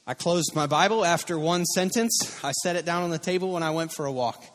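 A man in his thirties preaches an earnest sermon, mixing personal stories with repeated key lines. His voice sits a little high for a man. It rings out through a church hall with a long, lingering reverb. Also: a little fast. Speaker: pastor. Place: church sanctuary.

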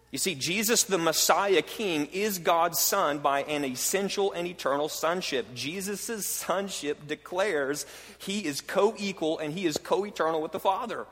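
A pastor delivers his sermon in a voice pitched a bit above the usual for a man. He drives points home with emphasis, then slips into easy, casual asides. His words ring out through a church sanctuary with a long reverb tail. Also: unhurried, fairly bright tone. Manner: preaching with rising emphasis, conversational asides.

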